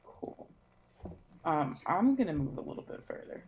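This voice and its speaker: Gravelly-voiced tabletop game player. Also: mid-range voice, very animated, moderate pace, muffled recording, a little hiss or hum. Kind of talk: casual chat in a tabletop game.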